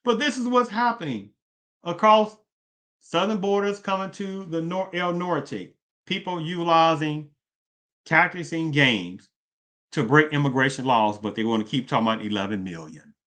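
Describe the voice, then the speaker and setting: A man's voice: on the high side, moderate pace, a bit bright. A man giving opinionated political commentary in a rambling way, asking rhetorical questions and often correcting himself. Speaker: video commentator.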